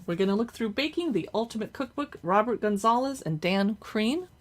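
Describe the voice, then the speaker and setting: A woman hosting a casual live cookbook look-through, chatty and reading recipe names aloud with quick reactions. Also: medium pitch, expressive. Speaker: cookbook reviewer livestreaming.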